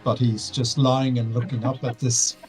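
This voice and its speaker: A man's voice: medium pitch, flat delivery, normal speed, darkish tone, far from the mic, soft background music. A man playing a tabletop game, describing his character in the third person. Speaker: player.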